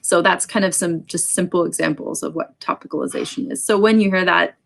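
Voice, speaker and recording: Low-voiced woman teaching a class. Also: steady tone, gravelly, fairly bright tone. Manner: explains with many ums and quick asides. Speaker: sign language teacher. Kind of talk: casual online class lecture.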